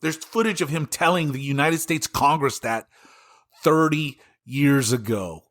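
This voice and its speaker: A slightly high, somewhat bright male voice takes its time here. The speaker, a podcast host with a Southern US drawl, rails against politics alone on his show, exasperated, furious and cursing freely.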